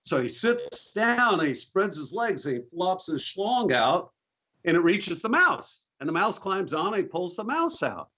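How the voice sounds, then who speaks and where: Male podcast guest, bright voice with a lot of lift, playful joke-teller. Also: sits high, sing-song, measured pace. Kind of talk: casual chat.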